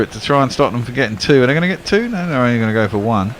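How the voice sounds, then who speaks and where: A man calls a cricket match ball by ball at a middling pitch, chatty and relaxed between deliveries. He jumps up in pitch and volume when a shot flies or a run-out goes wrong. A faint hiss sits under the recording. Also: rapid-fire. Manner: excitable bursts on big shots, relaxed chat between balls. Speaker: cricket commentator. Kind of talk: ball-by-ball radio commentary.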